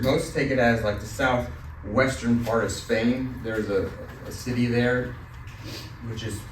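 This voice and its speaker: A man teaching a Bible study class in casual, conversational style, asking the group questions and telling light stories. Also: mid-range voice. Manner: conversational, asks the class questions, tells a joking story. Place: church classroom. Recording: roomy, mic from a distance, faint noise.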